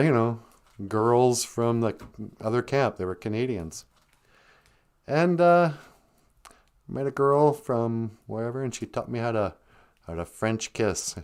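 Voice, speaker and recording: A man's voice: mid-range voice, unhurried, pauses often, darkish tone, clear, resonant tone. A man from Minnesota, hosting a casual live stream, playfully chatting and chuckling as he greets viewers. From north central Minnesota. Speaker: host.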